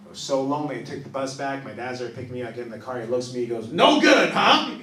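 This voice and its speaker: Comedian in a roomy club. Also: male voice, medium pitch, fairly even intonation, racing. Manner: confessional storytelling, swings from soft asides to loud punchlines. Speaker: stand-up comedian. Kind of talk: stand-up comedy set. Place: small improv club stage, live audience. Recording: roomy club sound from a distance.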